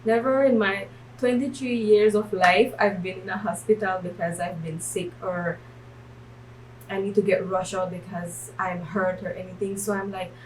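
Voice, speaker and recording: A woman's voice: mid-range voice, steady tone, moderate pace, distant mic, a little hiss or hum, low-quality recording. A woman in her twenties from Belize, giving a personal faith testimony in a hesitant way, with many fillers and restarts. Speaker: church member giving testimony.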